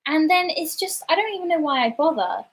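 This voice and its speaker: A woman's voice: sits high, lively intonation, brisk. A woman chatting casually on a livestream, telling an embarrassing story with lots of fillers and self-deprecation. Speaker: livestream host.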